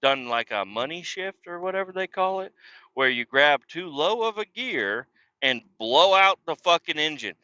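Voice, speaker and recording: Casting: male podcast host, bright forceful tone, heavy cursing, rambling casual storytelling, dull dry lo-fi recording. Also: fairly high pitch, expressive, normal speed, no room sound. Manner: profane, rambling, swears constantly.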